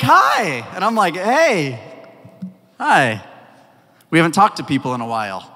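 A young man as a youth pastor, telling a story in an animated way and acting out the dialogue. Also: a little high. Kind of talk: lively youth talk with storytelling. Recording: reverberant hall sound.

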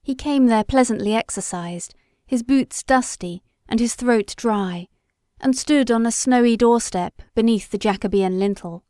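A woman narrating a classic story in a measured, steady storytelling voice. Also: a little high, no room sound, studio quality. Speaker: audiobook reader. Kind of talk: scripted literary narration.

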